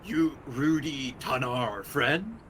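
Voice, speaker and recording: A man's voice: medium pitch, lively intonation, takes it slowly, a bit bright, a little hiss or hum, low-quality recording. A man voicing a small, timid gnome-like creature that talks in broken, childlike phrases. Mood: eager.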